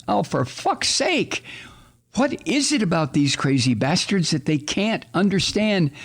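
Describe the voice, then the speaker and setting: Gravelly, animated ranting male radio host. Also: sits high, a little slow. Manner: angry, profane ranting; exasperated, sarcastic asides. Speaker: radio talk show host. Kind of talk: political commentary monologue.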